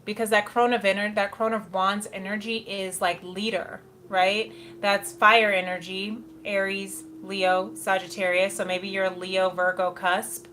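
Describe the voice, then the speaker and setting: A woman's voice: mid-range voice, little pitch movement, unhurried, hardly any pauses, fairly bright tone, slight background noise. Chatty woman doing a tarot reading. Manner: chatty, laughs often, slips into quoted asides. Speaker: tarot reader.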